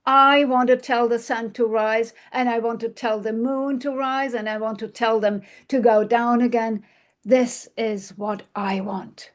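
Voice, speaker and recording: A woman's voice: on the high side, fairly even intonation, unhurried, lightly acted. A woman voicing a power-hungry wife who gives her husband orders in an insistent tone. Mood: greedy, determined. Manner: commanding and insistent. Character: greedy, power-hungry wife demanding to be God.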